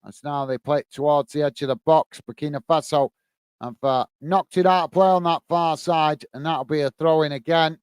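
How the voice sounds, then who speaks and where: A fairly high-voiced British man speaks at normal speed with fairly even intonation as he hosts a live football watch-along. He commentates, reads out viewer messages, greets people by name, and uses "uh" a lot in his friendly chat. Close-miked and dry, his voice is smooth and clear, with no echo.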